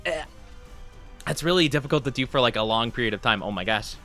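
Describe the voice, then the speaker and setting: A man casually talking to his viewers while he plays a game, rambling and full of fillers. His voice is bright and forward, at an ordinary pitch. Faint music plays underneath. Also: animated, fast. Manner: rambling and chatty, with lots of fillers. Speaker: livestreamer.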